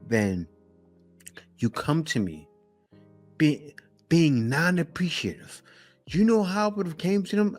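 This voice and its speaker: A man hosting a reaction video, commenting in a mocking, animated way and laughing between remarks. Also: fairly high pitch, takes it slowly, long pauses, faint music behind.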